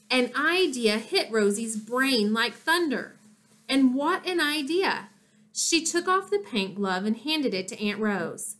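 A woman narrating a children's chapter book in an expressive storytelling manner. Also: fairly high pitch, takes it slowly. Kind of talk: children's audiobook reading.

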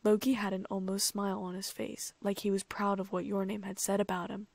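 Woman reading an audiobook story, flat steady voice, kinda gravelly with fry. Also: mid-range voice, brisk, no room sound. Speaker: audiobook reader. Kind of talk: fan fiction audiobook narration.

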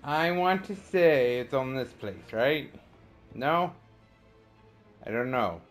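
A man's voice: mid-range voice, lively intonation, takes it slowly, soft background music. A man commentating a game as he plays, chatty and rambling, trash-talking the enemies. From Canada. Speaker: let's play gamer.

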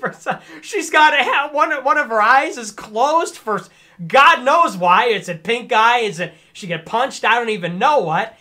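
A man in his twenties giving a sarcastic, lecturing rant on a livestream, sometimes bursting into shouts. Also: very high-pitched, measured pace. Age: 20s. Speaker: streamer. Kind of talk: ranting livestream commentary.

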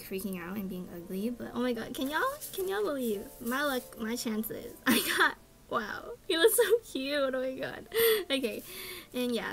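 A young woman vlogger chatting casually through an unboxing, gasping and squealing with excitement. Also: a little high. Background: background music.

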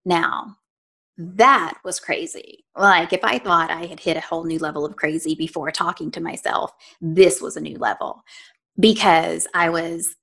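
A woman speaks as a podcast guest, recounting a personal story in an earnest, conversational way. Her voice sits on the low side, with a gravelly fry running through it. She often acts out her own inner dialogue and turns to the listener with "right?". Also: steady tone, unhurried, a bit bright. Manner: frequent "right?" and "you know" asides to the listener. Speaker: podcast guest, nutritionist and life coach.

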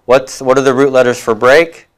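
A man's voice: medium pitch, steady tone, moderate pace. A man teaching a class, reviewing homework and prompting students with questions, with occasional chuckles.

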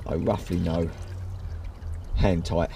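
A man's voice: sits low, level tone, takes it slowly, vocal fry, warm tone, a little hiss or hum. A man casually talking through a motorbike service step by step, chatty and jokey. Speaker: home mechanic.

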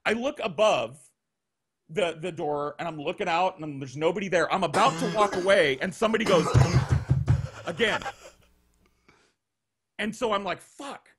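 A man's voice: sits high, moderate pace, long pauses, faint music behind. A man telling a crude anecdote on a podcast, swearing freely and acting out the voices of the people in his story, heard over a video call. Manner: profane, animated, acts out quoted voices. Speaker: guest storyteller.

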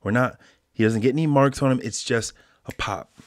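A man's voice: medium pitch, fairly quick, dry recording, clean studio sound. A man hosting a solo podcast, ranting in a casual, slangy way and calling people bro. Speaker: podcast host. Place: home, quarantine.

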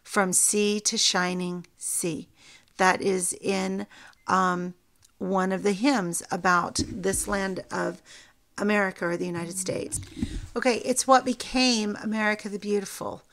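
A woman teaching from scripture, reading verses slowly and deliberately and becoming emotional at times. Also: medium pitch, steady tone, a bit bright. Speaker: Bible teacher.

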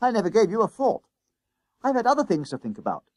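A man voicing an eager, boastful young schoolboy with a high, excited voice. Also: fast talker, no room sound, heavily acted.

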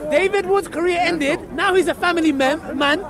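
A man with a very high voice jeers from the crowd at an outdoor street debate. His taunts are mocking and repeated like a chant. Crowd chatter fills the air around him. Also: moderate pace. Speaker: heckler in the crowd. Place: outdoor public speaking corner in a city park. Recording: outdoor crowd noise behind.

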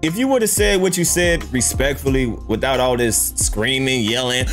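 A man's voice: medium pitch, moderate pace, a bit bright, faint music behind. A man hosting a YouTube reaction, talking casually and incredulously, firing off rhetorical questions.

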